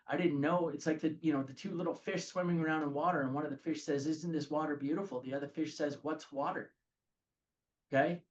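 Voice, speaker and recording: Man, recovery study leader, fairly high voice, animated, dull lo-fi sound. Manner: animated, says "okay?" often. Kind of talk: lively group study talk.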